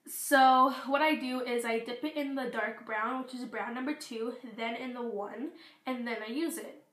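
A teenage girl chatting through a beauty product review, rambling with fillers, her voice going hoarse. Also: a little high, moderate pace, fairly bright tone, roomy sound. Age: teens. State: losing her voice. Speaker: beauty vlogger. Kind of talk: casual product review vlog.

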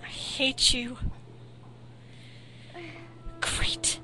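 A woman's voice: high-pitched, takes it slowly, long pauses. A woman hosting a let's play, giving casual commentary and exclaiming at the game. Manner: animated, exclaims and scolds the game. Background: game music.

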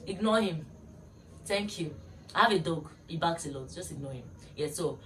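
A young woman talks straight to her viewers in a chatty, gushing way, her voice sitting fairly low. She is picked up from a distance, with clear room noise running underneath. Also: lively intonation, normal speed, pushed and bright. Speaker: vlogger. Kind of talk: casual unboxing chat to viewers.

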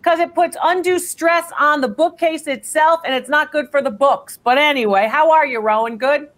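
A woman hosting a live call-in appraisal stream, talking in a brisk, chatty, direct way. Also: high voice, a bit bright. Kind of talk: unscripted live appraisal chat.

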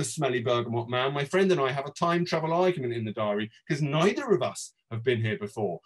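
An English author giving a theatrical reading of his own prose, swinging between loud outbursts and quiet murmurs. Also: medium pitch. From England.

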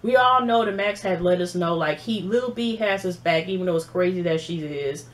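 Animated, profane woman recapping reality TV. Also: lowish voice, moderate pace. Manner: animated, profane, mimics people she quotes. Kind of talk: casual episode recap.

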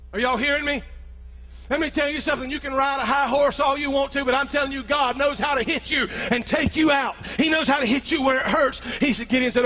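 A man's voice: extremely high pitch, lo-fi sound. A pastor, preaching a fervent sermon and calling out to his congregation.

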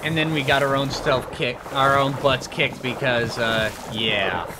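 With a noisy background behind him, a man with a mid-range voice does casual gameplay commentary for his own channel. His intonation is fairly even and his pace measured, yet he stays upbeat and chatty, talking to himself as he plays.

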